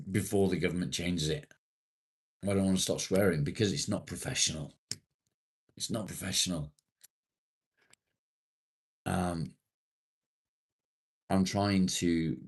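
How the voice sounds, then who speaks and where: A man's voice: low voice, husky. A man hosting a casual live stream, reading viewers' comments aloud, swearing freely and rambling in a self-deprecating way.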